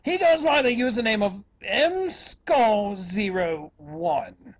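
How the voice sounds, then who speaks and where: A man's voice: high-pitched, lively intonation, slow pace, full character voice. A man putting on a British accent as an evil professor persona, ranting and cursing at other video makers. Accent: put-on British. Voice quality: profane, insulting rants. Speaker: YouTube commentator.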